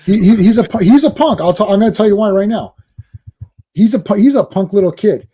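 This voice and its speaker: Guy hosting a stream, going off on a rant, kinda high voice but mellow, swears a lot. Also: animated, slightly rough. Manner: ranting, profane, quick impressions of others. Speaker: host. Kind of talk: live-stream chat.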